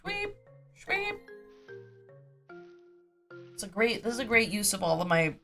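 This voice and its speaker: This woman talks fast in a mid-range, gravelly, slightly bright voice, with faint music playing behind her. Streaming a cozy farming game from home, she keeps up goofy, casual chatter with herself, humming and scatting while she organizes her items.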